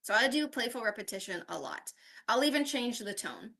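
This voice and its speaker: A woman with a bright voice gives a workshop talk to fellow teachers. She explains each point step by step and keeps checking in with her listeners. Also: on the high side, expressive, fairly quick, creaky. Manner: explanatory, checks in with frequent "right?". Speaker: university English teacher presenting a workshop. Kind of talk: online conference workshop presentation.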